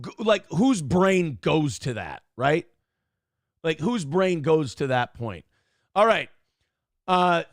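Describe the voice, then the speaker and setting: A man with a high voice hosts a morning show, telling a wandering, swear-filled story and acting out quoted people in different voices. The sound is studio quality with no room sound.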